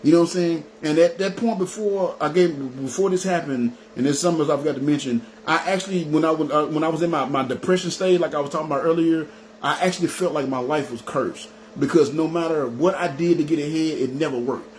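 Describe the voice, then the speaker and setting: A man's voice: on the high side, quick pace, slight background noise, low-quality recording. Emphatic man giving testimony. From Memphis. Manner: emphatic storytelling, repeats "you know what I'm saying". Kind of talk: personal testimony.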